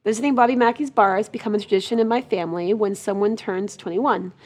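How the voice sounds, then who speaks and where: A woman co-hosting a podcast, chatting casually and reading a listener's story, reacting with warm gasps and aws. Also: mid-range voice, fast, slightly rough. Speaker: podcast co-host.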